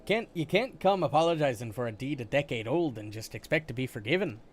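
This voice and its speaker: A man voicing a rough-spoken male camp soldier with blunt, slangy talk. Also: mid-range voice, expressive, fairly quick, a little hiss or hum, natural voice. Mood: gruff.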